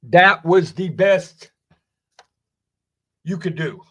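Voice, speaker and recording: The audio is dull as a man in his forties, a wrestling streamer, rants furiously in his basement, swearing heavily and asking "right?" repeatedly. His high voice is expressive, husky and a bit bright, and he speaks very slowly.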